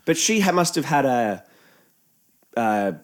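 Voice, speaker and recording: A man's voice: mid-range voice, big pitch swings, takes it slowly. A man with an Australian accent telling a rambling, profane anecdote in a casual chat, often mimicking other people's voices.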